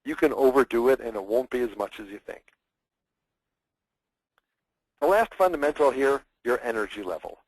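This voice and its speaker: A man leads a public speaking webinar, his lively voice swooping high and low as he speaks energetically and performs examples in playful mock voices. He talks at a normal speed with frequent pauses. The sound is dry, close and echo-free, but the audio quality is poor.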